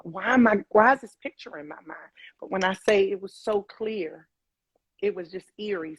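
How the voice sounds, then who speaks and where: A woman, a mother of older children, recounting a painful family memory in an emotional, vivid way, acting out the dialogue with halting restarts. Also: fairly low pitch, a little mellow, slightly rough. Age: adult, mother of older kids. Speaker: guest telling her story. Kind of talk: emotional personal storytelling. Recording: dull, slightly muffled dry sound.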